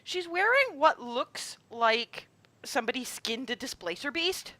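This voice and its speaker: A woman running a tabletop game as game master over a video call, animated, laughing often and tripping over her words. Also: high-pitched, a little slow, heavy background noise.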